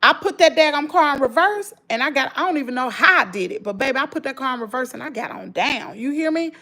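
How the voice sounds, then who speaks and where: A woman's voice: sits high, lively intonation, fast talker, pushed and bright. A woman with a Southern US accent, telling an emotional story straight to her viewers in an emphatic, rambling way, full of restarts. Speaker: vlogger.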